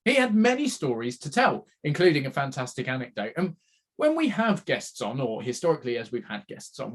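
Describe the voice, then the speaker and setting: A man co-hosting a podcast, teasing and chatty, with many fillers. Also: medium pitch. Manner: friendly, teasing, hesitant with fillers. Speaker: podcast co-host. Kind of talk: casual podcast chat.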